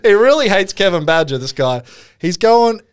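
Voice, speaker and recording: A man's voice: high voice, sing-song, moderate pace, smooth. A man casually telling a long story in a chat, rambling and full of swearing and fillers. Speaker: podcast co-host telling a story.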